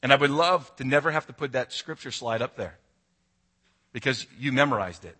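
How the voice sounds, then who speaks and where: Bright-voiced male pastor preaching. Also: medium pitch, lively intonation, a little fast, breathy edge. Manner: earnest, swings from hushed to emphatic. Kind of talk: sermon storytelling.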